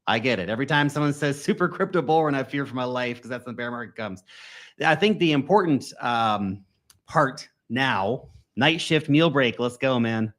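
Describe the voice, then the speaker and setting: Male crypto streamer, energetic casual chatter, slangy, mid-pitched voice. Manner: energetic, slangy, chatty, swings loud and soft. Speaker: crypto YouTube host. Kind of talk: casual livestream commentary.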